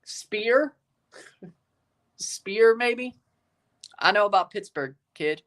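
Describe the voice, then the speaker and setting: A man's voice: high-pitched, lively intonation, extremely slow, fairly bright tone. A man hosting a casual soccer watchalong livestream, rambling, chuckling and repeating himself as he reads out lineups and chats. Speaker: livestream host reading chat.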